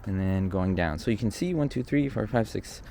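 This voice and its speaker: A man's voice: lowish voice, lively intonation, normal speed, creaky, warm tone. Man filming an outdoor walking tour, slightly winded. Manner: chatty, thinking aloud, many fillers. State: out of breath from climbing stairs. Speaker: vlogger touring a location. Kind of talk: casual walking vlog narration. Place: outdoor hillside stairway in a city neighborhood. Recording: faint outdoor ambient noise.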